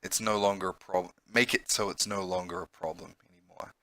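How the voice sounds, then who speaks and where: A man with a bright, forceful tone teaching English vocabulary in a patient, explaining way. He keeps checking in with a quick "okay?" as he goes. The sound is dry, with almost no room around it. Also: low voice, steady tone, no room sound. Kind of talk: vocabulary lesson.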